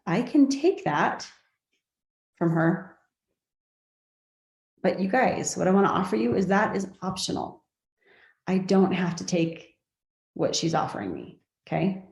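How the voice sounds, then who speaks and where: A woman's voice: lowish voice, expressive, a little slow, darkish tone. Woman coaching in an echoey room. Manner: conversational, checks in with listeners often. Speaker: life coach. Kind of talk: live coaching class.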